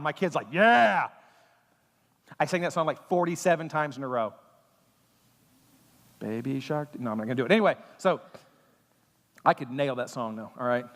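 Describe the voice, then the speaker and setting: A man preaching a sermon as pastor in a church, talking conversationally and building to loud intensity. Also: medium pitch, in a large hall. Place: church auditorium.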